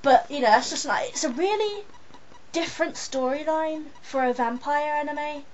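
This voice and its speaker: An excitable young woman gushes in a casual, rambling chat. Her voice sits a touch high. The audio is dull and lo-fi with a faint hiss. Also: moderate pace. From England.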